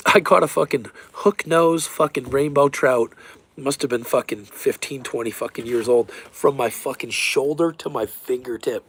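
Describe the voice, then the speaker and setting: A man in casual chat, rambling through stories with lots of swearing and excitable energy. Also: mid-range voice, breathy edge. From eastern United States. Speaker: livestreamer.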